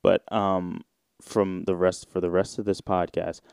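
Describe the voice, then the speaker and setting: A young man in his twenties talks through a casual solo podcast episode, drifting from one thought to the next in loose slang. His voice is smooth and resonant, recorded close and dry with no room sound. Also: low-pitched, level tone, a little slow, a little mellow, dry recording. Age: 20s. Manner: rambling and slangy, with frequent fillers and swearing. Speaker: podcast host.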